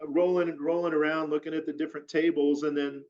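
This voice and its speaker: Guy rambling thru a story in an interview, lots of "like", kinda high voice, muffled sound. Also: fast talker. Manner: rambling, filler-heavy, animated retelling. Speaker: guest. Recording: dull lo-fi audio.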